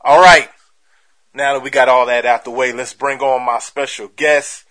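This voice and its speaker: A man's voice: medium pitch, fairly even intonation, normal speed, bright, forceful tone. A man hosting a comedy podcast, chatty and full of fillers, hyping up his guest. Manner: hype-man delivery, heavy fillers. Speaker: podcast host. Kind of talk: casual podcast chat.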